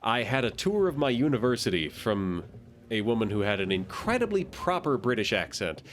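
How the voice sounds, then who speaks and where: A man's voice: medium pitch, big pitch swings, moderate pace, a little hiss or hum. A male streamer giving casual, chatty gameplay commentary, musing and wry as he plays.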